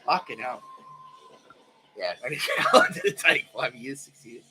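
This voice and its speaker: A man's voice: mid-range voice, sing-song, measured pace, sharp tone, faint music behind, poor audio. A young man hosting a podcast, talking in a rambling, profane, self-mocking way. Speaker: podcast host. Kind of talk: casual solo monologue.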